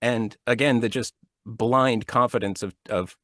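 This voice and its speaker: A man's voice: mid-range voice, a little slow, no room sound, clean studio sound. A man in his thirties, an actor and audiobook narrator, chatting as a guest and telling stories with frequent laughs and restarts. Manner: laughs often, restarts sentences, animated storytelling. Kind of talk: casual interview chat. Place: home studio.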